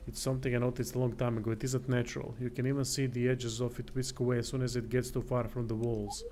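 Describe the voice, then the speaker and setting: A man's voice: medium pitch, level tone, fast, darkish tone, a little hiss or hum, close to an everyday voice. A man reading the lines of a solemn male knight in black armor in a text game, in a plain, grave way. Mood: grim.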